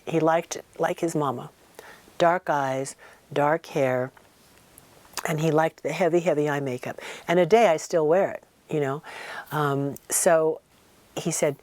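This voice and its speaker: A woman telling a personal story in a casual interview, animated and acting out the voices of people she quotes. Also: deep voice, no room sound. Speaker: guest recounting memories.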